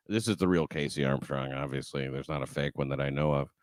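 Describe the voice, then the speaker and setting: A man's voice: very deep voice, fast, no room sound, studio quality. A man hosting a casual late-night show, talking loosely with profane asides and laughter. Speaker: podcast host.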